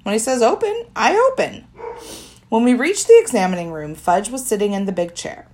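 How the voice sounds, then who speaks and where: A woman narrates a children's book in the first person with lively, expressive storytelling. Her pitch rises and falls a great deal. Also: a little fast. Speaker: audiobook narrator.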